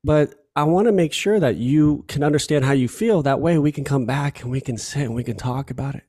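Earnest chicago guy opening up on a podcast, mellow warm voice. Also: mid-range voice, fairly quick. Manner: earnest, heartfelt, repeats himself. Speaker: podcast guest. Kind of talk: candid conversation.

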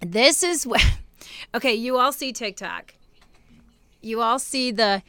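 Bright, animated young woman co-host. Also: on the high side, a little slow, pauses often, clear, resonant tone, no room sound. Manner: animated storytelling with laughter; faith-based encouragement to listeners. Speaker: podcast co-host. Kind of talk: casual chat.

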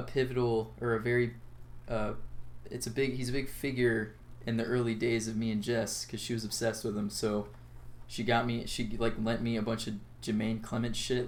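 A man's voice: fairly low pitch, flat delivery, brisk. Man, podcast co-host, casual chat, rambling, frequent laughs, faint noise.

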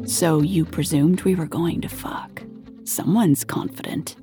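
A woman's voice: measured pace, soft background music. A woman voicing a playful, eager young man. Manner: playful, low and soft.

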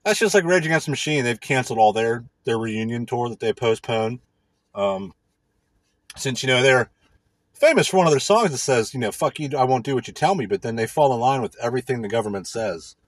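Husky man ranting with profanity. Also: medium pitch, animated, a little fast, no echo. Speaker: podcast host. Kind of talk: casual ranting monologue.

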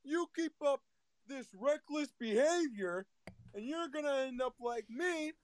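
A young man putting on a blustering middle-aged male motivational speaker who lectures slowly and loudly. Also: expressive, no room sound, rough recording. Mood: lecturing. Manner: booming, drawn-out, lecturing delivery.

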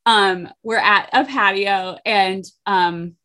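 This is a young woman co-hosting a chatty podcast. She tells family gossip in a lively storytelling way and voices each quoted person as she goes. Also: medium pitch, slow pace. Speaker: podcast co-host. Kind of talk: casual chat.

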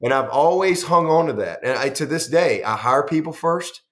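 A middle-aged man, a head football coach, telling long animated stories in a conversational interview, restarting sentences and acting out quoted dialogue. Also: fairly high pitch, moderate pace.

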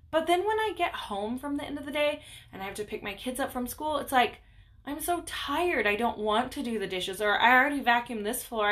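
A woman's voice: fairly high pitch, a bit bright. A young woman hosting a podcast, talking candidly and chattily about her own life in a rambling casual monologue. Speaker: podcast host.

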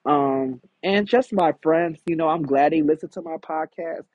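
A man with a husky voice hosts a solo podcast, rambling on in a frank and confessional way. He sits outdoors in a backyard, and his voice sounds dry and close, with no room echo. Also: fairly high pitch, moderate pace, darkish tone. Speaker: podcast host. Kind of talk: candid solo podcast monologue.

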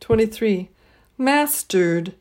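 A woman leading a pronunciation drill, saying each word twice, clearly and slowly. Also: fairly high pitch, lively intonation, a little mellow. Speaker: pronunciation teacher. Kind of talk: slow, deliberate pronunciation drill.

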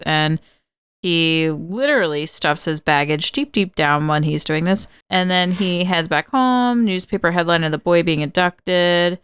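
A woman with a low, very clear and smooth voice talks through a film from her notes in relaxed podcast chat. She laughs often and swears freely. The sound is close and dry, with no room around it. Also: no room sound. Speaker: podcast co-host. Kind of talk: casual movie recap chat.

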